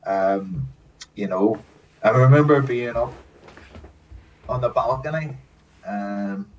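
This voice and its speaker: A man's voice: medium pitch, slow pace. Swearing man telling stories, distant mic. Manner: lively storyteller, swears often, acts out quotes. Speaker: guest, former TV extra. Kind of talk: casual anecdote telling. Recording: distant mic, dull lo-fi sound, faint hiss.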